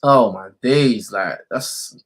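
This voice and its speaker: Low, slangy man hosting calls. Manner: laid-back, slangy, drawn-out reactions. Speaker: host. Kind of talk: casual call-in chat.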